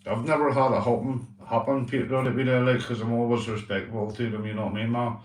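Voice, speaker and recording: A man's voice: medium pitch, little pitch movement, fast, roomy sound, far from the mic, a little hiss or hum. A man hosting a casual livestream chat, talking earnestly and repetitively, swearing and calling his viewers "mate". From Northern Ireland. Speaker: livestream host.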